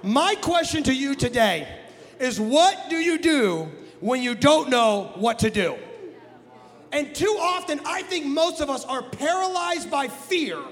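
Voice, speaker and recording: A man from the Midwest, a guest pastor telling a comic story in a sermon, animated and jokey with bursts of shouting. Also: very high-pitched, a little slow. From American Midwest. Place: church sanctuary. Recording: long hall reverb in a church.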